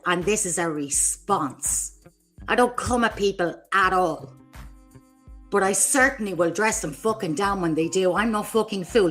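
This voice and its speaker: A woman hosting her own livestream, delivering an angry, profane, confrontational rant at other creators. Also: mid-range voice. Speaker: streamer host.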